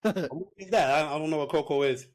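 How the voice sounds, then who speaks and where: A man's voice: on the high side, fairly quick. A man co-hosting a podcast, talking earnestly and rambling a little in casual chat. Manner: earnest, rambling talk with restarts. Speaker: podcast co-host.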